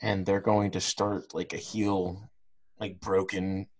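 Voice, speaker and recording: A man with a low, husky voice talks through a podcast in loose, rambling casual chat. He trips over his words and restarts often, with plenty of fillers. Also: level tone, slow pace. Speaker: podcast co-host.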